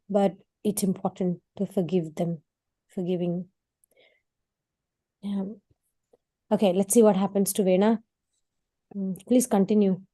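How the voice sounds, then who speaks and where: A woman teaching a scripture class in a chatty, lively way, often asking "right?". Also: mid-range voice, slow, long pauses.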